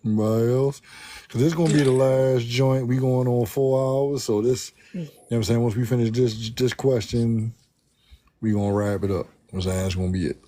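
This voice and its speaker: A man's voice: medium pitch, steady tone, fairly quick, mellow. A man hosts a casual group podcast in laid-back street slang. He runs the wrap-up in an easy, conversational voice. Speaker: podcast host.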